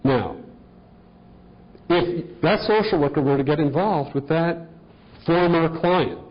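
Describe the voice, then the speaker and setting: A man with a somewhat high voice delivers a continuing-education lecture to a live audience. He talks in a conversational way and keeps turning questions back to the room. The recording sounds a little dull and muffled. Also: slow.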